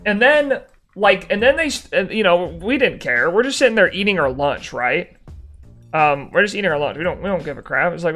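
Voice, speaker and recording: A young man streaming live, chatting casually with viewers and telling an animated story with dry sarcasm. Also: sits high, a little fast, faint music behind.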